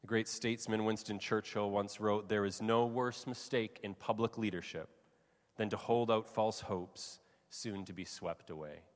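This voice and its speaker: A man preaching a sermon, reading a story aloud and telling it with lively, casual asides. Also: fairly low pitch, moderate pace. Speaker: pastor. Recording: long reverb of a large hall.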